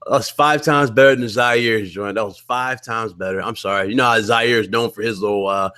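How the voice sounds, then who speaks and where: A man's voice: fairly low pitch, fairly even intonation, moderate pace, sharp tone, clear, resonant tone. A man in a casual gaming chat, sarcastic and mocking, repeating his jokes for effect.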